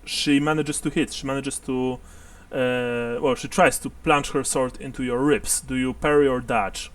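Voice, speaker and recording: A man's voice: mid-range voice, steady tone, a little slow, recorded from a distance. A man narrating and explaining rules as game master of a tabletop game, laughing often.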